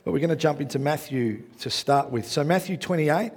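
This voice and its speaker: A man preaching a sermon, opening with prayer, then speaking in an animated, emphatic way, repeating phrases for effect. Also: on the high side, a little fast, slightly rough. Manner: animated, emphatic, repeats himself and acts out quotes.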